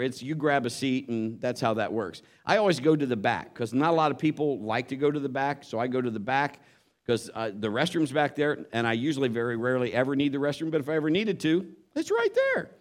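A man preaching a sermon, telling a story and acting out the voices of the people in it. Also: medium pitch. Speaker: pastor.

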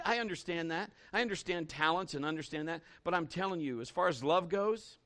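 Male pastor, high voice, folksy storytelling sermon, emphatic on scripture. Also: pushed and bright. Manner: folksy, conversational preaching with acted-out stories.

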